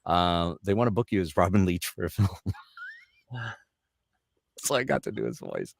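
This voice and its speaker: A middle-aged man, a voice actor, telling animated anecdotes in casual chat and slipping into voices for the people he quotes. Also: sits low, normal speed, gravelly, a little hiss or hum. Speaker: voice actor guest.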